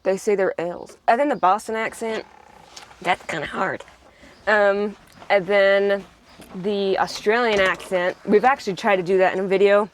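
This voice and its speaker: A woman's voice: medium pitch, steady tone, normal speed, slight background noise. A young woman from the United States, a farm vlogger, chatting playfully and giggling with her sibling inside a vehicle. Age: young adult. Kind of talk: casual chat.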